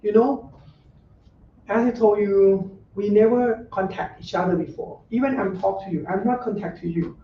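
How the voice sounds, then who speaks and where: A middle-aged man, a Buddhist monk, giving an informal dharma talk in simple, repetitive phrasing with frequent rhetorical checks and gentle advice. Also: high-pitched, moderate pace, slight background noise. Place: meditation center room. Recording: roomy echo, distant dull lo-fi mic.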